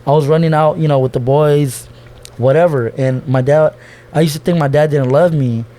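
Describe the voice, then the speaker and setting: In a casual, heartfelt conversation, a young man on a podcast speaks emotionally about his family in a loose, slangy way, saying "bro" constantly, swearing and restarting sentences. His voice is fairly high and warm, with fairly even intonation and a moderate pace.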